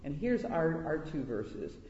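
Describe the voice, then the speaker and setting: A woman's voice: low voice, very animated, a little slow, mellow, echoey room, big-room sound, highs cut off. A woman teaching a Bible study class for women, speaking earnestly and directly to the group.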